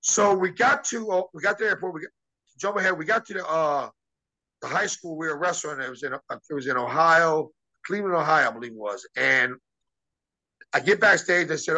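A man's voice: on the high side, expressive, moderate pace, pushed and bright, rough recording. A middle-aged man, a former wrestler, telling a story casually and animatedly, acting out quotes with lots of restarts and fillers.

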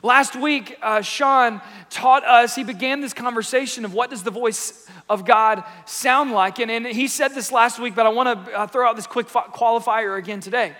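High-voiced pastor, chatty and playful, bright sound with long hall echo. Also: male voice, normal speed. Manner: lively, playful, conversational preaching. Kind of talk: sermon. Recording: echoey church hall.

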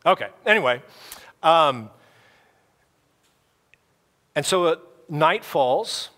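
A man's voice: a little high, animated, slow pace, pushed and bright. A man preaching a sermon as pastor, in a casual, conversational way with playful voices for the people in the story. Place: church.

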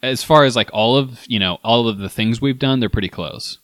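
A man co-hosting a casual wine tasting chat, deliberate, with dry jokes. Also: medium pitch, fairly bright tone, dry recording. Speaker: co-host of a wine tasting show.

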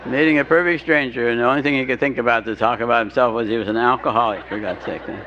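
Talking fast in a steady, mid-range voice, an older man tells an audience his recovery story with dry humor. He stumbles and restarts, quoting others in voices, and the talk recording is dull lo-fi with faint hiss.

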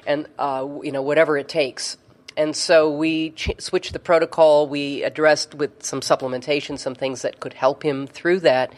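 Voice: mid-range voice, level tone, normal speed. A neurofeedback therapist telling a story in conversation, chatty, with frequent fillers and restarts.

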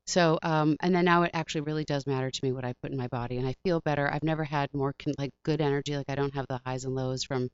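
Chatty actress guest, low smooth voice, close dry muffled studio sound. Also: female voice, fairly even intonation, fast talker, few pauses, dry recording. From Washington, D.C. area. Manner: chatty, rambling, acts out quotes in voices. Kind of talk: casual interview chat.

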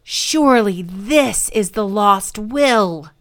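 Older boy, blunt and keen, read by a woman storyteller, lively. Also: medium pitch, moderate pace. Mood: eager. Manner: blunt, eager.

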